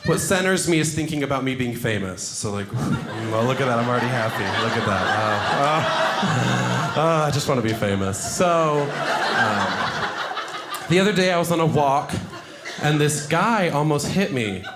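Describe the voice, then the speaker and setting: A young man doing a stand-up comedy set, self-deprecating and animated, jumping into high put-on voices for quotes. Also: normal speed, very noisy. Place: comedy club stage before a laughing audience. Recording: roomy club sound, audience laughter.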